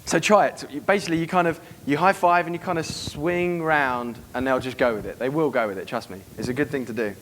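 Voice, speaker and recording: Fast-talking brash man coaching a crowd. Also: on the high side, fairly bright tone, slight background noise. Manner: brash, profane, acts out quoted dialogue. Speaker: dating coach giving a seminar. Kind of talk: live seminar talk to an audience.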